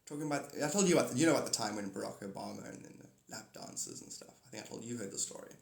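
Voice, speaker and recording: A man's voice: lowish voice, expressive, very fast, gravelly, echoey room. A man chatting loosely on a phone live stream, rambling between ideas and greeting viewers by name. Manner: rambling, playful, breaks into silly singing and greetings. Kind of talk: casual live stream chat.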